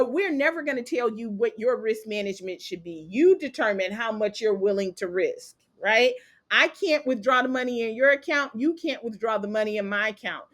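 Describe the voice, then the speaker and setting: Female trading teacher, upbeat and fairly high-pitched, live online lesson, keeps asking "okay?". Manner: brisk, checks in with "okay?" and "capiche?". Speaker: trading instructor.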